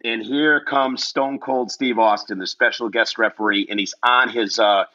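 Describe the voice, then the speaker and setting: A man with a medium-pitched voice, speaking at normal speed, is a guest in a casual interview. He tells a lively, self-mocking story, acting out the voices of the people involved. The sound is lo-fi.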